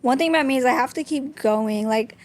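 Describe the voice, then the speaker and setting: A young woman guesting on a podcast tells a personal story openly and candidly, speaking briskly in a high voice and using lots of "like" fillers.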